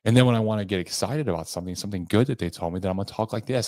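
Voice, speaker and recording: Very fast and a little mellow, this fairly low-pitched man runs a solo podcast motivating listeners to sell better. He's emphatic, altering pace and tone for effect, and the recording is dry with clean studio sound.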